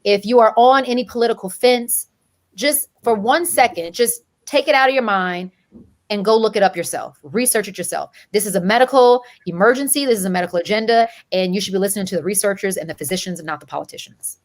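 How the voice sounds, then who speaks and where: A woman's voice: mid-range voice, quick pace. A woman co-hosting a casual talk, blunt and emphatic as she urges people to listen to doctors. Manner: emphatic and blunt, preaching urgency. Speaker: co-host.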